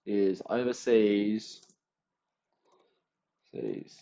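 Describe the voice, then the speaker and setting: A man's voice: medium pitch, expressive, measured pace, long pauses, darkish tone, highs cut off. A young Australian man in his late teens giving a casual, slangy exam revision rundown, acting out little quoted voices as he goes.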